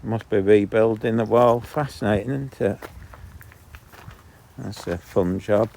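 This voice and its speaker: A man with a low voice, vlogging while walking his dog along a canal and ranting indignantly between remarks to the dog. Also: a little slow, creaky, darkish tone, slight background noise. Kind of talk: casual outdoor vlog ranting. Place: outdoors on a canal towpath. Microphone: handheld camera.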